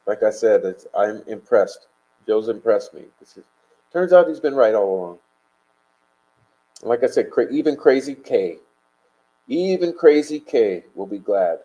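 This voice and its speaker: A man's voice: on the low side, sing-song, measured pace, pauses often, dark tone, low-quality recording. A man hosting a casual livestream, rambling and swearing emphatically as he chats and answers viewer comments. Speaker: livestream host.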